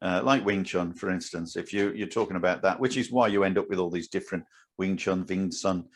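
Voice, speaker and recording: Blunt low-voiced man explaining. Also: a little fast. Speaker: podcast co-host, martial arts instructor. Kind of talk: casual chat.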